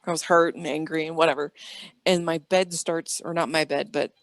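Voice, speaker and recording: A woman's voice: low-pitched, steady tone, moderate pace, no room sound. A woman guest on an interview show, telling rambling personal stories in a chatty way and acting out the dialogue. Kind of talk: casual storytelling interview.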